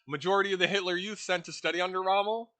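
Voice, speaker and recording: A man's voice: high-pitched, steady tone, racing, sharp tone. A man giving a profane, rambling, casual explanation of a role-play setting.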